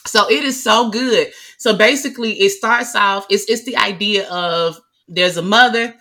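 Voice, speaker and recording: Bright, animated woman co-hosting a podcast. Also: mid-range voice, moderate pace. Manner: animated, swearing, loud exclamations. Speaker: podcast co-host. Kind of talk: casual chat.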